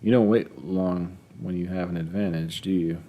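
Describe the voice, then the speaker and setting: Man reading as a bitter humiliated husband, insistent, deep dark voice, audiobook. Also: fairly even intonation, normal speed.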